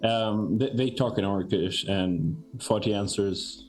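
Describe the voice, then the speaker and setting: A man running a tabletop game, slow and halting with many restarts. His voice sits slightly low. Faint music plays behind him. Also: a little mellow, low-quality recording. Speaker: game master.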